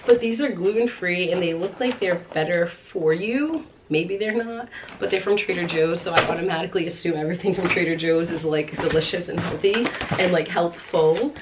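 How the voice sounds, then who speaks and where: A woman's voice: lowish voice, moderate pace, background noise. A pregnant young woman chatting at home through a casual haul vlog, gushing with lots of fillers and short of breath. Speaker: vlogger.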